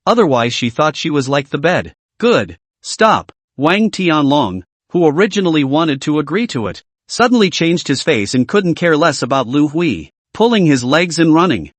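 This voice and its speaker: A man narrating a comic recap in a scripted reading style, voicing the dialogue and the narration in the same steady voice. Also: fairly high pitch, normal speed, few pauses, dry recording.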